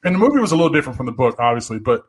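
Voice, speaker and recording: Husky-voiced man telling a rambling story. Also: medium pitch, sing-song, rapid-fire. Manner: rambling, profane storytelling with frequent laughs. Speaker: podcast host. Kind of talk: casual chat.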